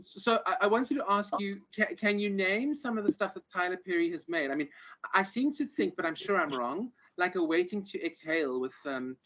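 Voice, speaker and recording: A man's voice: high-pitched, lively intonation, brisk, bright, forceful tone. A man giving an online lecture, rambling with many ums and restarts over a video call. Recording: muffled lo-fi audio.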